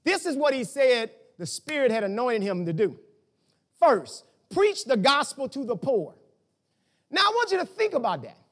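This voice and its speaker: A man preaching a sermon as pastor, asking rhetorical questions and breaking into shouts. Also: extremely high pitch, very animated, moderate pace.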